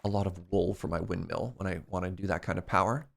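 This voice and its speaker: A man's voice: deep voice, fast, vocal fry, slight background noise. A young adult man thinking aloud in casual commentary while streaming a modded block game. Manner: thinking aloud, rambling and musing.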